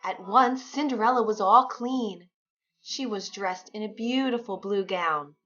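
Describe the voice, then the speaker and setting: A woman narrating a fairy tale in a clear, expressive storybook manner. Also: medium pitch, unhurried. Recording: dull lo-fi sound with faint music.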